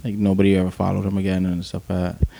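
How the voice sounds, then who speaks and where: Male army vet guest; low, warm voice; animated, cussing storyteller who acts out the quotes. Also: fast talker, gravelly. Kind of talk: casual war storytelling.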